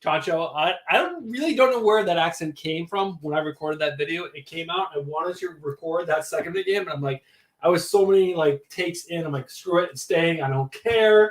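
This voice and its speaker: A man's voice: a little high, a little fast, reverberant. A man co-hosting a livestream, chatting casually and laughing along, giving channel announcements. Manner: easygoing, laughs often, chatty asides. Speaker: livestream co-host.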